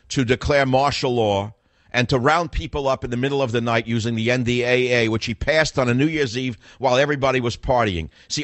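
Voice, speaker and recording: A man's voice: mid-range voice, fairly bright tone, no echo. An older man hosting a radio talk show, talking in a combative, sarcastic, rambling way.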